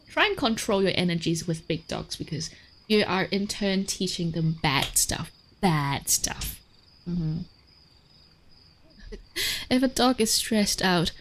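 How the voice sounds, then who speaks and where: A woman streamer giving casual advice on dogs, chatty, with lots of fillers, swearing and frequent laughter. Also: mid-range voice. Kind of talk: casual livestream chat.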